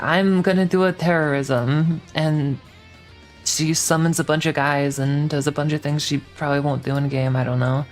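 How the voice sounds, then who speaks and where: A woman streamer with a notably low voice chats casually, rambling and swearing with a sarcastic edge. Faint guitar music plays quietly in the background.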